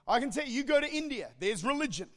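A man preaching a sermon as pastor, impassioned and often shouting, with joking asides. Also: extremely high pitch, big pitch swings, fast.

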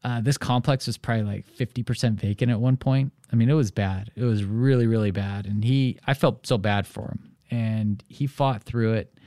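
A man's voice: fairly low pitch, normal speed, hardly any pauses, no echo, studio quality. A man hosting a real estate podcast, talking in a casual solo monologue and telling stories with lots of "you know" fillers. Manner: animated storytelling, many "you know" fillers.

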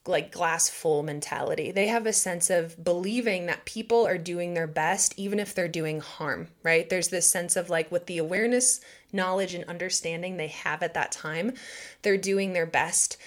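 A woman's voice: lowish voice, steady tone, normal speed. A woman hosting a podcast, talking casually and reflectively about spirituality, filling her speech with "like" and "right?" and acting out the inner voices she quotes. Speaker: podcast host.

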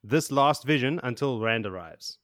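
Male podcast co-host, mid pitch, dry recording, thinks out loud with questions. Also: lively intonation, moderate pace, no room sound. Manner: curious, musing aloud with questions. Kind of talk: casual book discussion.

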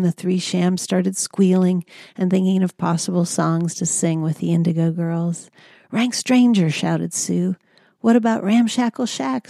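Gravelly, low-voiced woman narrating a memoir. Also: warm tone, no echo, studio quality.

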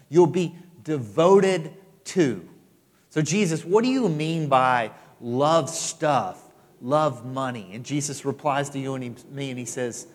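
A male pastor delivering an emphatic sermon, repeating phrases and swinging between loud and quiet. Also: a little high, lively intonation, measured pace. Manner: emphatic, repetitive preaching with rising and falling intensity. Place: church hall. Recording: live sermon with long hall reverb.

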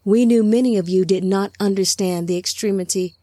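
A woman narrating an audiobook in slow, deliberate scripted narration. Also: medium pitch, fairly even intonation, mellow, no echo.

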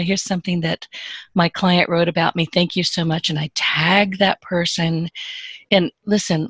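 A woman's voice: fairly low pitch, husky, no echo. A woman, a podcast guest who gives business advice in a frank, emphatic and joking way. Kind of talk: casual interview advice.

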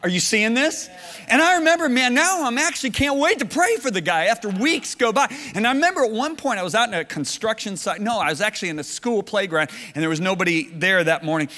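A man preaching a sermon, telling stories and swinging from low, hushed lines to loud shouted bursts. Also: animated, quick pace, big-room sound.

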